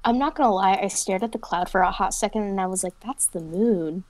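A woman's voice: mid-range voice, quick pace, no room sound. A young adult woman chatting casually while playing a game, teasing her friend and laughing often. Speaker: streamer. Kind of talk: casual gaming chat.

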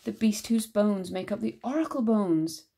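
A woman voicing a timid, nervous young boy in a storybook reading, speaking softly and fretfully. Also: mid-range voice, animated, moderate pace, husky.

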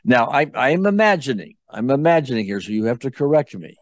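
Older male coach, calm guiding delivery, dry close sound. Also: medium pitch, a little fast, dry recording. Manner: calm, guiding, checks in often. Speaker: tapping coach. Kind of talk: therapy session coaching.

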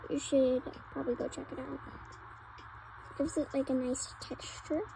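A woman with a high, creaky voice chats casually while role-playing a game, her tone level and her pace moderate. She fills her talk with "like" and "oh my goodness," and there's background noise in the clip.

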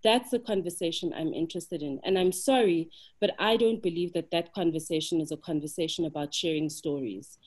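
A woman's voice: on the low side, fairly quick, hardly any pauses, a little mellow, breathy edge. A South African woman speaking as a panelist in a webinar discussion, impassioned and emphatic, building her points with rhetorical questions over a video call.

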